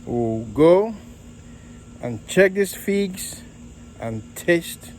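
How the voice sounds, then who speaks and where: A man from Nigeria with a Nigerian accent, hosting a casual garden vlog in an unhurried, halting way. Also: fairly high pitch, expressive, slight background noise, low-quality recording. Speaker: fig grower and channel host.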